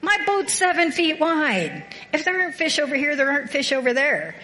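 A woman's voice: high voice, sing-song, normal speed, voice pushed up, full character voice. A woman playing an exasperated fisherman arguing back. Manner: argumentative, loud and incredulous.

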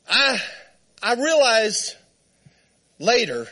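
A man preacher with a notably high voice, telling a long personal story in a loose, conversational way. He laughs often as he goes and keeps turning to the congregation with little asides. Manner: lively, laughing, conversational, talks to the crowd. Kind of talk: storytelling sermon.

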